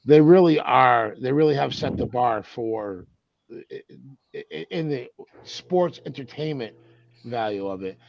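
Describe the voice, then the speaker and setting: Gravelly male co-host on a muffled mic, rambling and tripping over words. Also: medium pitch, expressive, a little slow, slight background noise. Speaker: podcast co-host. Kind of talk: casual wrestling chat. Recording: dull lo-fi mic.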